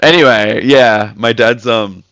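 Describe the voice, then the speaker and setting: A man in his twenties chatting casually, telling animated stories and acting out the people in them. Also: mid-range voice, a little slow, no room sound. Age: 20s. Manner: animated storytelling, acts out quotes. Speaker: podcast guest. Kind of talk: casual chat.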